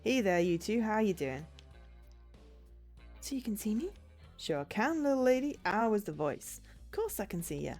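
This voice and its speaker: A woman's voice: fairly high pitch, animated, normal speed, a little mellow, faint music behind. A woman putting on a drawling big-guy bartender spirit. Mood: folksy. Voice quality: put-on exaggerated American drawl. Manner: drawling, calls people little lady and sweetie. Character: folksy big male bartender spirit, smug. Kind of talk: reading a visual novel aloud.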